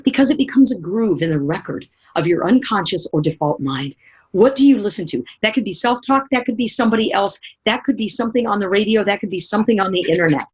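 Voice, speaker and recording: Husky-voiced woman giving a motivational talk. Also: medium pitch, fast talker. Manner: animated storytelling, acting out remembered voices; asks the audience direct questions. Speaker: motivational speaker.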